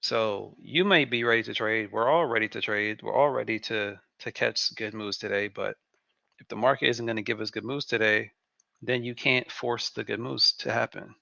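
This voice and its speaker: A man's voice: fairly low pitch, moderate pace, creaky, pushed and bright, no echo. A man hosting a live trading stream, giving laid-back market commentary and repeating phrases to himself on a dull, lo-fi recording.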